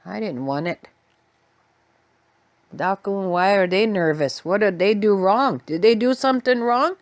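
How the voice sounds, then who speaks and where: A soft-spoken woman tells a story, quiet and unhurried, at a middle pitch. The sound is close and dry, with no room echo at all.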